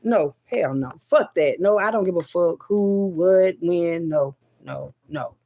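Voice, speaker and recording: Taking her time, a woman recounts a charged story from her life as a mother. Her delivery is profane and forceful, lurching between shouts and quiet mutters, full of repeated refusals.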